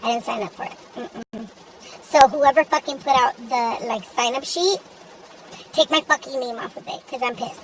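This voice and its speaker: A young woman voicing a sassy, foul-mouthed young woman in an animated gacha video, ranting in an exasperated, profane way. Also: sits high, moderate pace, recorded from a distance, slight background noise, lightly acted. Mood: irritated. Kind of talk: comedic rant monologue.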